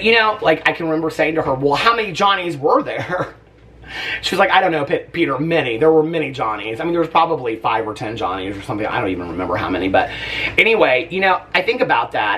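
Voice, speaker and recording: A man in his thirties tells a personal story to his vlog audience in a casual, chatty way. His pitch swings a lot as he talks, and he laughs often and sometimes sounds close to tears. He sits a little away from the mic. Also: a bit bright, recorded from a distance, slight background noise. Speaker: vlogger.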